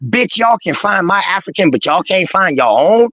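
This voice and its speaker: A man, swearing and shouting down others in a heated argument on a live stream. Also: high voice, very animated, normal speed, dry recording, lo-fi sound. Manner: angry, profane, confrontational.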